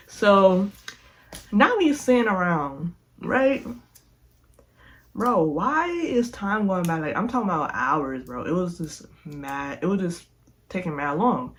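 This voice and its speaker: A young woman vlogger casually telling a storytime, animated and slangy, often repeating herself. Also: fairly low pitch, takes it slowly.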